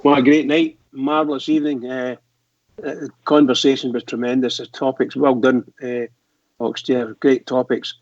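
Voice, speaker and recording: A man's voice: mid-range voice, little pitch movement, moderate pace, darkish tone, no echo. A man co-hosting a fan radio show, hesitant, stumbling and repeating his words. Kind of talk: casual fan radio chat. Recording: dry, dull lo-fi line.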